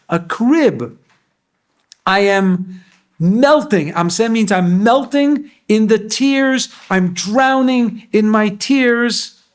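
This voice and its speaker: Man, rabbi, high-pitched voice, Torah class, explaining verses, questioning the room. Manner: explains Hebrew verses line by line, often asks the class questions. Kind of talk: Torah lecture.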